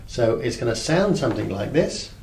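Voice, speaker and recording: A man teaching a breathing technique as a mindfulness coach, calm and checking in often with his listener. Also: mid-range voice, moderate pace, recorded from a distance, a little hiss or hum. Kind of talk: guided breathing lesson. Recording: echoey room, voice off-mic, faint ambience.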